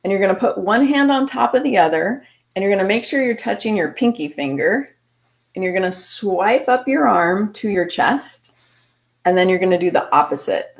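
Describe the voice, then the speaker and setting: A woman leads a guided visualization exercise, talking listeners through each step. Her pace is calm and even, with an encouraging, coaching manner. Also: mid-range voice, moderate pace, gravelly. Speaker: podcast host guiding an exercise.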